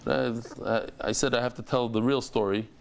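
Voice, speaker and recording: A man's voice: mid-range voice, steady tone, moderate pace, creaky, a little hiss or hum. A man over fifty teaching a Talmud lesson, telling stories and acting out the dialogue with exclamations.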